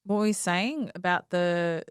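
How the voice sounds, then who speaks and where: A woman's voice: fairly low pitch, unhurried, smooth, no echo. Woman chatting frankly on a podcast, dry sound. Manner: frank and earnest, with frequent fillers. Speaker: podcast guest, mum and content creator. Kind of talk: casual podcast chat.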